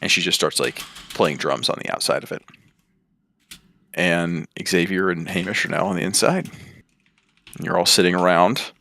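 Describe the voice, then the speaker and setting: Deep gravelly man narrating a tabletop game. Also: moderate pace, pauses often. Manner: animated, many fillers and restarts. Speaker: game master.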